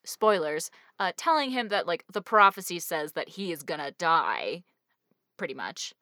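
A woman's voice: lowish voice, big pitch swings, moderate pace, pushed and bright, no room sound, studio quality. Bubbly woman podcast co-host. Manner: bubbly, laughs often, rambling. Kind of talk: casual chat.

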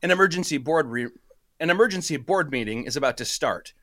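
A man's voice: fairly high pitch, expressive, quick pace, a bit bright. A man playfully narrating a comedic story, reading it aloud with a co-reader. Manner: playful, laughs between lines.

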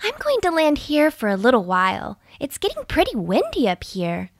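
A woman's voice: high voice, huge pitch swings, moderate pace, no echo, studio quality, pitched above the performer's own voice, heavily acted. A woman voicing a friendly lady unicorn. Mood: calm. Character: cheerful female unicorn friend.

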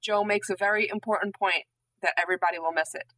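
A woman co-hosting a book podcast, her voice bright and close on a dry mic. She explains with emphasis and leans on repeated words to make her points. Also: mid-range voice, steady tone, fast, no room sound, low-quality recording. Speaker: podcast co-host. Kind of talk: casual chat.

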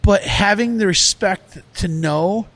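A man's voice: high voice, takes it slowly, fairly bright tone, dry recording. Earnest man rambling in casual talk. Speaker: restaurant owner. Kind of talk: casual podcast conversation.

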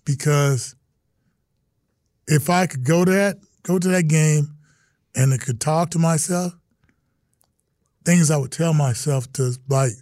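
Man, middle-aged, from Texas, animated storyteller, acts out quotes, dry close sound. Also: on the high side, takes it slowly, long pauses, no echo. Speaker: guest, retired football player. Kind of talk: storytelling in casual chat.

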